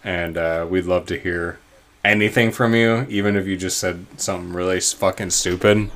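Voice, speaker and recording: Low-voiced laid-back podcast host. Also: male voice, fairly even intonation, moderate pace, fairly bright tone. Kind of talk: casual chat.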